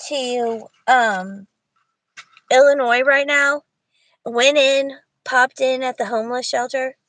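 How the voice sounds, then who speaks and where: A woman's voice: sits high, fairly even intonation, takes it slowly, a bit bright, dry recording, low-quality recording. A woman in casual livestream chat, rambling and thinking aloud to her viewers. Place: Walmart parking lot.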